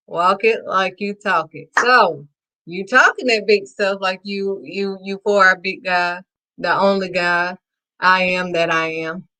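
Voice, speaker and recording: A woman hosting her own faith talk show, excitedly preaching to her viewers and calling them sweetheart. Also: medium pitch. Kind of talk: casual preaching to camera.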